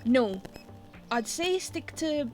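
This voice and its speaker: A woman's voice: sits high, sing-song, takes it slowly, soft background music, low-quality recording. Chatty Scottish woman streaming a game. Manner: chatty, blunt, swears casually. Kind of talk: casual chat while gaming.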